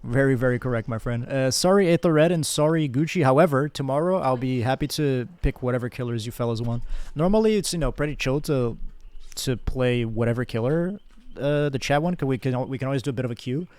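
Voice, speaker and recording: A man's voice: mid-range voice, fairly quick, darkish tone, smooth, no echo. A young man from Brazil streaming a game, chatting casually with viewers, thanking them by name and rambling with fillers and laughs.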